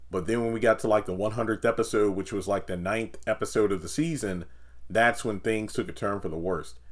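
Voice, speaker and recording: Young man, somewhat low voice, casual TV recap, animated, acts out characters' lines. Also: fairly quick. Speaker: TV review YouTuber. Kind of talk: casual episode recap and review.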